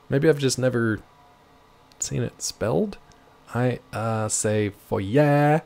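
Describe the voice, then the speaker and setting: Animated male streamer, lively swooping voice. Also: slow, gravelly. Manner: animated, playful, jumps between high and low pitch. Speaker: livestream host. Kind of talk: casual chat while gaming.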